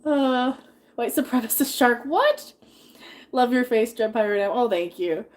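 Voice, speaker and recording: A woman's voice: a little high, expressive, a little slow. A woman in her thirties chatting casually while cooking on a live stream, rambling and laughing often as she reads chat.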